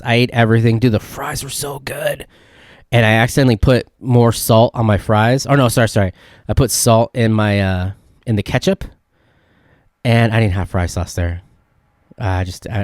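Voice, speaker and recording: A young man from California, hosting a casual solo podcast and telling a rambling, excitable story full of "dude" and "like". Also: on the low side, no echo, clean studio sound. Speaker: podcast host.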